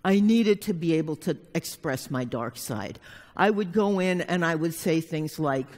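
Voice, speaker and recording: A woman's voice: sits low, expressive, unhurried, darkish tone. A woman therapist telling a personal story to a live audience, frank and plainspoken, now and then swearing. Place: conference hall. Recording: long hall reverb.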